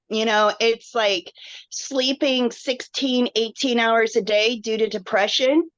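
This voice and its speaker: Slow-talking earnest woman on a video call. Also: fairly high pitch, fairly even intonation, no echo. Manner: earnest, emotional, rambling with frequent "like". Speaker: webinar guest sharing a health story. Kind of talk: candid personal testimonial. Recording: dull, muffled online call audio.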